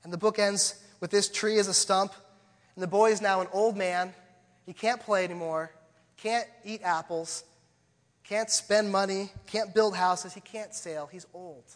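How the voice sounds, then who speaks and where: A man in his thirties preaching a sermon as a pastor, speaking earnestly and moving between hushed and emphatic delivery. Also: high voice, steady tone, unhurried, in a large hall.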